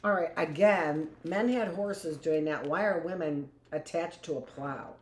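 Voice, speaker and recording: A woman's voice: deep voice, unhurried, few pauses, slight background noise. A woman teacher reading a history book aloud in a live class and breaking off for chatty asides that end in "right?". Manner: reads passages aloud, then adds conversational asides with "right?".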